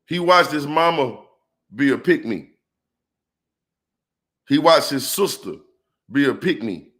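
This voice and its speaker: Man, fairly high voice, preacher-style relationship commentator talking straight to his viewers. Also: expressive, slow, pauses often, a bit bright. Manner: preacher-like call-outs to the audience; emphatic, rhetorical questions. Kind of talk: animated monologue to viewers.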